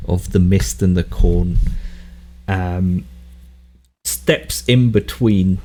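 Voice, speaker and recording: Casting: low-pitched man, unhurried game master, faint hiss on the line. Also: a little mellow. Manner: slow, measured narration with hesitations. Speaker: keeper, narrating the game. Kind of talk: narrating a tabletop game.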